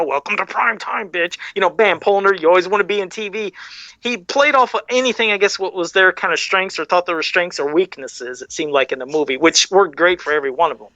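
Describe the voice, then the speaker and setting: A man co-hosting a podcast, chatting casually and excitedly about a movie, swearing and acting out lines. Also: on the high side, dry recording, lo-fi sound. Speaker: podcast co-host.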